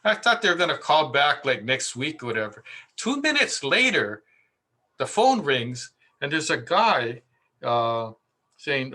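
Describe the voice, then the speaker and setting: Bright, chatty man telling stories. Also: medium pitch, big pitch swings, unhurried. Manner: chatty, lots of fillers and self-repeats. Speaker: contractor giving marketing advice. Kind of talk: casual anecdotal talk.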